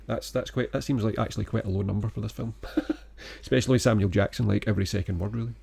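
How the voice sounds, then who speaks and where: A man co-hosting a film podcast in easygoing, rambling chat. His voice sits on the low side with a gravelly edge of fry. He sounds keen and a little meandering. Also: quick pace. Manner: relaxed, rambling, enthusiastic. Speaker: podcast co-host. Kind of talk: casual film-review chat.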